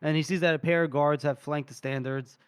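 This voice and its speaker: A man's voice: fairly high pitch, fairly even intonation, brisk, smooth. A man co-hosting a podcast, retelling a book chapter in casual, rambling chat full of fillers. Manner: rambling, filler-heavy storytelling. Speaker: podcast co-host.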